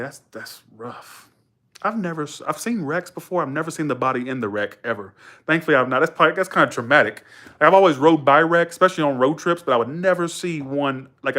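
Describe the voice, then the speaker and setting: A young man from Georgia, USA, streams live and talks casually to viewers in a mid-range voice that is bright and forceful. He rambles through a story with restarts, asides and self-corrections, speaking colloquially and raising his voice to quote others.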